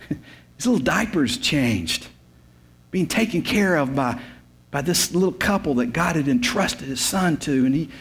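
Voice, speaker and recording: A man's voice: a little high, animated, measured pace, long pauses. A man, preaching a sermon as a pastor. He tells the story in an emphatic, repetitive way with folksy humor. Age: 50s.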